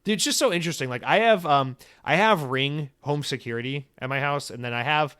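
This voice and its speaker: A man's voice: fairly high pitch, a little fast, bright, forceful tone, smooth. Young guy ranting on his solo gaming podcast, swears a ton, sarcastic, rambles all over. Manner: acts out quoted voices mid-rant. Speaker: podcast host.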